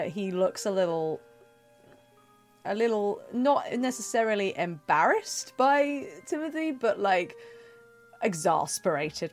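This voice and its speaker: A woman runs a tabletop game, describing scenes in a chatty, rambling way. She corrects herself often and fills pauses with ums, against faint music. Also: on the low side. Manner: chatty, self-correcting narration with fillers. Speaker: game master.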